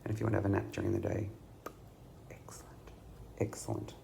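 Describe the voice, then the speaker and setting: Speaking very fast in a low, level tone, this patient vlogger has a gravelly yet warm voice. He's an Australian man lying in a hospital bed after surgery, chatting loosely to a bedside camera with plenty of ums. A little background noise is audible.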